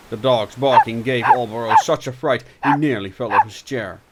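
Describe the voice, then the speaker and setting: A man narrating a fiction audiobook with dramatic swings from loud to hushed. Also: medium pitch, normal speed, very noisy. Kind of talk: audiobook narration with character voices.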